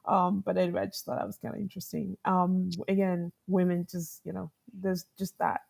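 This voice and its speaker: A woman's voice: on the low side, fairly quick, gravelly. A woman who directs product management, giving an interview and telling workplace stories, acting out what people said and often tagging her points with a questioning "right". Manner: animated storyteller, acts out quoted dialogue, frequent "right?" tags and laughs. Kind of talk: conversational interview storytelling.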